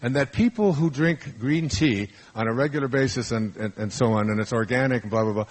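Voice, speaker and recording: A man's voice: medium pitch, brisk. An older man giving a rambling, anecdotal talk to a live audience, full of restarts as he tells stories. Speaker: motivational speaker. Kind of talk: storytelling lecture to a live audience.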